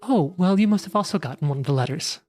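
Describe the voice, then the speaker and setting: A man's voice: high-pitched, animated, quick pace, darkish tone, faint music behind. A man voicing an anxious woman village barber who stammers and gushes with relief. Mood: frantic relief.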